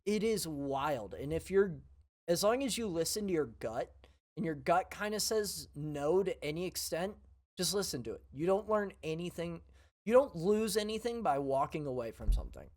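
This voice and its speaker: A young man with a fairly high voice co-hosts a casual podcast. He talks in a laid-back way and explains things calmly, laughing along with his co-host. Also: normal speed. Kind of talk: casual chat.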